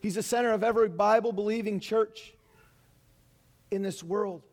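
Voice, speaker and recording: Male pastor, high voice, earnest preaching with asides. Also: steady tone, normal speed. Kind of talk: Easter sermon.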